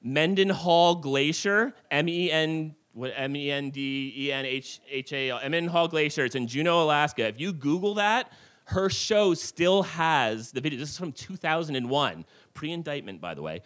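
A middle-aged man tells a story on a small tavern stage, his voice swinging widely and lively up and down. He pitches a touch high for a man and rambles through fillers and restarts as he goes. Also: normal speed. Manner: animated, rambling with many fillers. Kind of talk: live storytelling for an audience. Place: tavern stage before a live audience.

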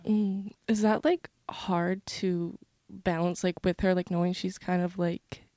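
Mellow-voiced woman interviewer. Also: lowish voice, fairly even intonation, measured pace, dry recording, studio quality. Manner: chatty, full of "like" fillers. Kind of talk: casual interview chat.

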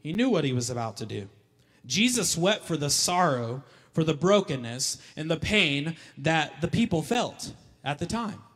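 A male pastor preaching a sermon emphatically, repeating key lines and building to loud calls. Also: a little high, sing-song, moderate pace. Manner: emphatic, repeats lines for effect, rising to shouts. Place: church hall. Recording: long hall reverb.

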